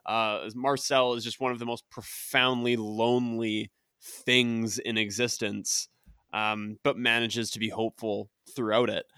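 A man's voice: mid-range voice, level tone, a little slow, pushed and bright, smooth, dry recording, studio quality. A man co-hosting a film podcast, speaking earnestly and candidly, laughing often. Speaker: podcast co-host. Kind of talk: casual film review chat.

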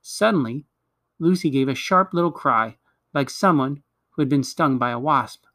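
A man reading a children's novel aloud at a measured pace, with occasional slips he corrects. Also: mid-range voice, fairly bright tone, dry recording, clean studio sound. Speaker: reader.

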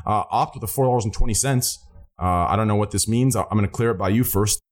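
A man's voice: on the low side, quick pace. Hyped man reading out stream donations. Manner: hyped, joking, swears freely. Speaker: streamer hosting a charity stream.

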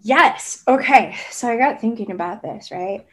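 A woman from Southern Indiana, a therapist guest, talking casually in a soft, rambling way with many hesitant fillers. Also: on the high side, expressive, unhurried. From Southern Indiana, USA. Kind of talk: casual conversation.

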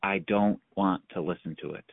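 A man with a deep, low voice hosts a casual sports chat, giving rambling, emphatic opinions. The audio is dry and squeezed like a phone call. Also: fairly even intonation, normal speed, creaky, breathy edge, dry recording. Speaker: podcast host.

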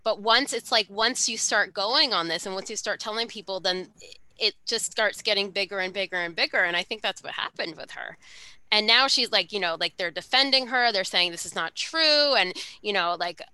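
A woman co-hosting a podcast, telling a gossip story in casual chat with quick, animated asides. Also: mid-range voice, clean tone, no echo. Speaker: podcast co-host.

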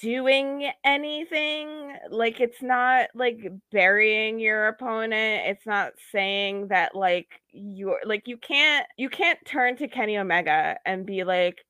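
A woman's voice: a little high, slow, hardly any pauses, bright, forceful tone, clear, resonant tone, dry recording. A young woman co-hosting a podcast, talking casually and emphatically. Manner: emphatic, lots of "like" fillers. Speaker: podcast co-host. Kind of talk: casual chat.

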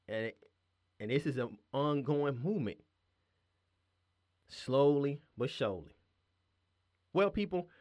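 A man's voice: mid-range voice, no room sound, studio quality. A man hosting a podcast, delivering a blunt, sardonic political monologue. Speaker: podcast host.

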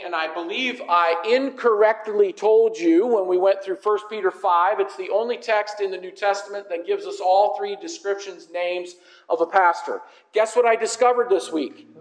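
A man's voice: high voice, long reverb tail, low-quality recording. A man, a pastor, preaching an expository sermon, emphatic and repeating key phrases, asking the congregation questions and answering them. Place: church sanctuary.

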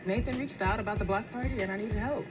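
A woman's voice: mid-range voice, fast, music in the background, natural voice. An actress playing a young woman who defends herself and pushes back against her friend, in a clip from a TV series. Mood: defensive.

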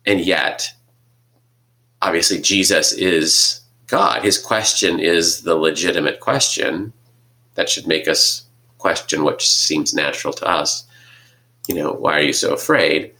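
A man's voice: low-pitched, fairly even intonation, slow pace, bright, forceful tone. A man co-hosting a casual talk on scripture, thinking aloud with frequent restarts and hesitations. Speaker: podcast co-host discussing scripture. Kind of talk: casual conversation.

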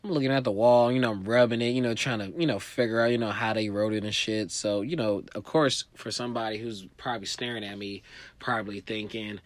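A man telling a profane, animated stand-up comedy story, packed with "you know" fillers. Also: on the low side, a little fast, no echo.

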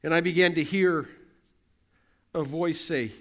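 A middle-aged man delivers a sermon in a high, light voice. He preaches earnestly, stacking question after question in a steady refrain. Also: a little slow, gravelly. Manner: earnest, repetitive rhetorical questions. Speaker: pastor.

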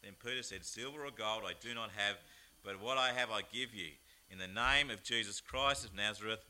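Lively Australian man preaching. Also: mid-range voice, moderate pace. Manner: animated, chatty, with rhetorical asides. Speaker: pastor. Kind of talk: lively sermon.

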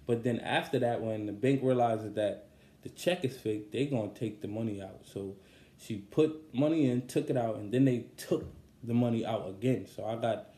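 A man's voice: medium pitch, moderate pace, warm tone. A young man who writes songs, telling a personal story in a casual, rambling, candid way with lots of fillers. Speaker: songwriter telling the story behind a song. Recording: roomy echo.

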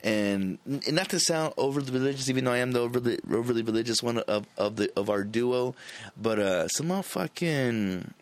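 A man's voice: mid-range voice, fairly quick. A man co-hosting a podcast in casual chat, rambling and swearing freely, often breaking into laughs. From Arizona. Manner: profane, rambling, loose and laughing. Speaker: podcast co-host.

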